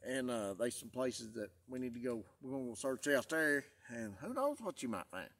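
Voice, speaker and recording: This vlogger, a man in the woods who's tired from a long day, talks in a sing-song, mid-range, slightly bright voice at a moderate pace. He's folksy and rambling, and he tends to repeat himself.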